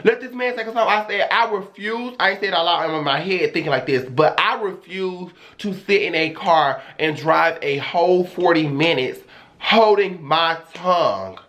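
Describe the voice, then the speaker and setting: A young man with a notably high voice tells a story for his vlog. He talks in a sassy, dramatic way, full of attitude and emphasis. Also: lively intonation, normal speed, fairly bright tone. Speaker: streamer telling a story.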